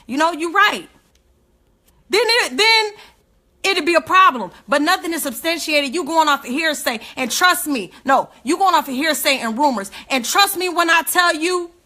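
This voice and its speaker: Woman, high voice, emotional, indignant, livestream rant. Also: pushed and bright. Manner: emotional, indignant, rhetorical questions. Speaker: activist speaking on a livestream.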